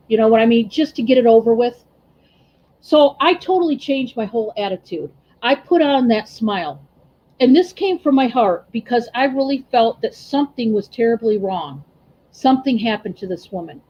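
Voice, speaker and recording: A woman vlogger telling a casual story about her waitress days, chatty and animated, often saying "you know" and "right?". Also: a little high, normal speed. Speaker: vlogger recalling waitress work. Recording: slightly muffled lo-fi audio.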